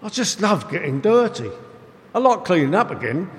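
A man preaching a sermon, telling stories in an animated, emphatic way. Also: high voice, normal speed. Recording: echoey hall with long reverb.

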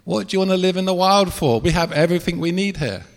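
A man putting on a high scoffing zoo lion. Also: fast, gravelly, long reverb tail. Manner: mocking, incredulous. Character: scoffing male zoo lion, smug and comfortable.

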